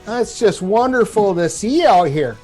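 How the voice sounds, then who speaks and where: A man putting on a gushing, starstruck fan with a thick Wisconsin accent, slow and sing-song, in a tabletop game. A fairly high, bright voice with faint music behind it. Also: expressive.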